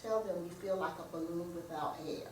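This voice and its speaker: A woman's voice: fairly low pitch, a little fast. An older woman taking part in a workshop, earnestly telling a story to the group. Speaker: workshop participant. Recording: very echoey room, distant mic, noise.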